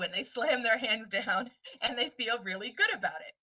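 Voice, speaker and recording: A woman teacher presenting a webinar lesson in a lively way, often slipping into quick voices for students and friends. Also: a little high. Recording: distant, dull lo-fi sound.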